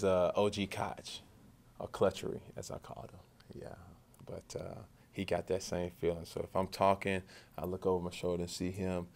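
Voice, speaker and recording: Deep-voiced man at a press conference. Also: creaky, a little mellow. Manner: loose and conversational, with many repeated words and restarts. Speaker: football quarterback. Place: media session after practice.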